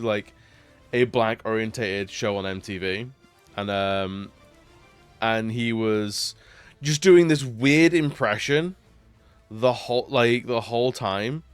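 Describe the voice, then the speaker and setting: A man's voice: medium pitch, clear, resonant tone, no room sound. A man chatting casually on a live stream while gaming, rambling with lots of fillers and frequent laughs.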